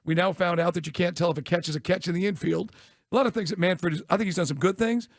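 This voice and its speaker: A man hosts sports talk radio with a high, gravelly voice. He rattles through jokey stories at a fast clip. The studio sound is dry and close. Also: no room sound. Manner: rapid, joking storyteller who laughs at his own punchlines.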